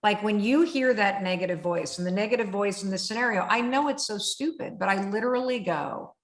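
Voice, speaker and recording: A middle-aged woman hosting a candid podcast conversation, animated and blunt, acting out voices in her stories and swearing freely. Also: medium pitch, brisk, few pauses. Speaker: podcast host. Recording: roomy echo.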